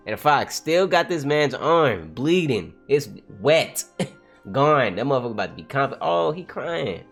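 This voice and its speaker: A man doing a casual read-along reaction to a comic, talking in slang, getting excited and laughing often. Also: mid-range voice, unhurried, creaky, slightly rough, soft background music. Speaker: manga reaction streamer.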